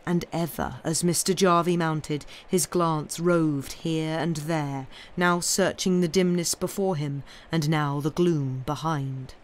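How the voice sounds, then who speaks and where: A woman reading a classic story aloud as narrator on a livestream, in a slow, deliberate storytelling manner. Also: deep voice, steady tone. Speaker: reader.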